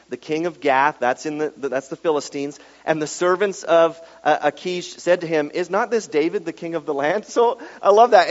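A man preaching a sermon, telling a story with lively acted-out quotes and dropping to a hushed tone when reading scripture. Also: a little high. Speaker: pastor. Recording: dull sound with long reverb in a large room.

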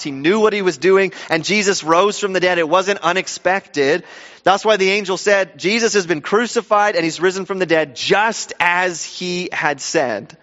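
A man preaching a sermon in a lively, conversational way, acting out the people in the story. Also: high voice. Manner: animated, conversational, acts out quoted voices. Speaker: pastor. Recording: dull sound with long hall reverb.

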